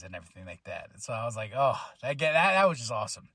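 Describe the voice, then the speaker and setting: A man hosting a podcast, casually recapping a wrestling show, excitable, laughing often, swearing and acting out what people said. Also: medium pitch, brisk, hardly any pauses, no echo, clean studio sound. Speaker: podcast host.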